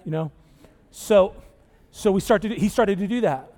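A man with a high voice for his sex gives a casual, lively sermon, checking in with the room often. His voice rings with the long reverb of a large hall. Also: normal speed. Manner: chatty and animated, tags lines with "right?" and "okay?". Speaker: pastor. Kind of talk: conversational sermon. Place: church sanctuary with live audience.

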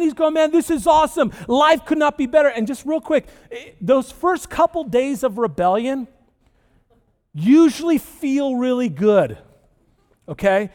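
High-voiced man preaching in a reverberant hall. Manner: chatty and animated, tags lines with "right?" and "okay?". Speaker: pastor. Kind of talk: conversational sermon. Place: church sanctuary with live audience. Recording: long reverb of a large hall.

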